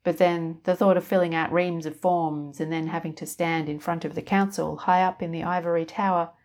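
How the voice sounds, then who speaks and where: A woman narrating a story in an even, wry storytelling manner. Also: on the low side. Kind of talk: scripted narration.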